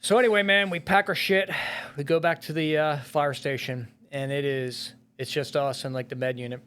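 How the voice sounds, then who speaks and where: A middle-aged firefighter and police officer telling a painful rescue story in a podcast interview, blunt and full of swearing. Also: male voice, on the high side, steady tone, moderate pace, fairly bright tone, smooth. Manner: blunt and profane, heavy swearing and filler words.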